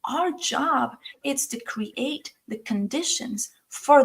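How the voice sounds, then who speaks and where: A woman's voice: sits high, lively intonation, takes it slowly, hardly any pauses, slightly rough, poor audio. A woman hosting a podcast interview, speaking in an affirming, reflective way. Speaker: podcast host. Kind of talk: conversational interview.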